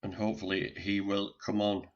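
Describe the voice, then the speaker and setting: A man's voice: fairly low pitch, flat delivery, moderate pace. An older man with a Northern English accent hosting a casual live stream, chatting and joking with viewers while sorting out technical problems. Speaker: livestream host. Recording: dull lo-fi stream audio.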